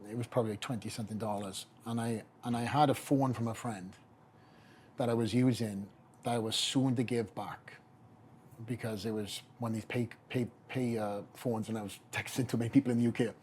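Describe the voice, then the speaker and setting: A middle-aged bodybuilder from Wales, with a Welsh accent, tells his story as a podcast guest. He speaks briskly in a medium pitch, with slight background noise. An animated storyteller, he acts out the voices of the people he quotes.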